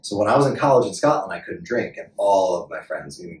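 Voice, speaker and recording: An American actor as a podcast guest, telling a story in a lively, laughing way and acting out voices. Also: male voice, sits low, fast talker. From United States. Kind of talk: animated storytelling. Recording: roomy room, distant mic.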